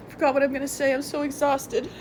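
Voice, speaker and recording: A woman with a very high voice speaks straight to her viewers in a confessional vlog. She is tearful and congested, and her talk rambles between sobs and shaky laughter. A faint hiss sits under the recording. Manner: rambling, emotional, laughing through tears. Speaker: vlogger.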